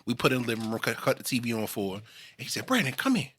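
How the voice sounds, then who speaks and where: A man's voice: medium pitch, rapid-fire, crowd noise. A man co-hosting a podcast, telling a long funny story in casual chat and breaking into laughter as he goes. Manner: animated, laughs through his story. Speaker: podcast co-host.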